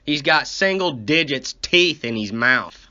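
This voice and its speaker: A man's voice: on the high side, expressive, measured pace, pushed and bright. A man telling a rambling, profane comic story and complaining as he goes. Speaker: comedy podcast host. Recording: dull lo-fi recording.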